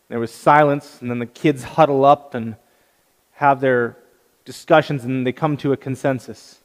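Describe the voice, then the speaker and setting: A man's voice: medium pitch, fairly even intonation, normal speed. A male pastor giving a sermon, telling light humorous stories, in a reverberant hall.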